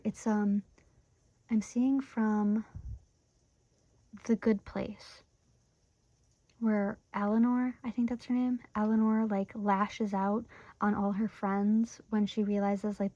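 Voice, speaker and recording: A woman's voice: medium pitch, warm tone, no echo, lo-fi sound. A woman in her twenties from Michigan giving a casual tarot reading, chatty and full of "like" fillers, openly talking through her feelings. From Michigan, USA. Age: 20s. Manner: chatty, heavy use of "like" fillers; emotionally open, talks through her feelings. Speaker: tarot reader.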